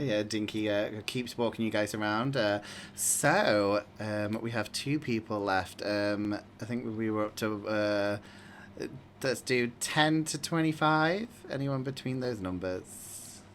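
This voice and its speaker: A man's voice: on the low side, slow pace, a little hiss or hum. A man narrating as game master who rambles with many fillers.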